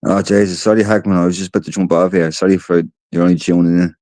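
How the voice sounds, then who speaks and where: Tired irish guy with a deep mellow voice rambling on his stream, dry close sound. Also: level tone, fast, dry recording. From Ireland. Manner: swears freely, repeats words. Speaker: livestream host. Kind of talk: casual rambling storytelling. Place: indoors, home.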